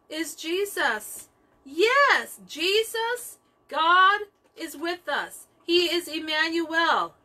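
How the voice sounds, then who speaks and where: A woman's voice: high voice, pushed and bright. A woman leading a Bible study, teaching with emphatic repetition of key phrases.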